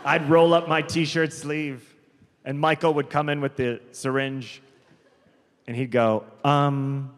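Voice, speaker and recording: A man's voice: fairly high pitch, fairly even intonation, a little slow. A man doing stand-up comedy storytelling on a theater stage, rambling with self-correcting asides and sudden emphatic outbursts. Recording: live theater, long reverb, faint noise.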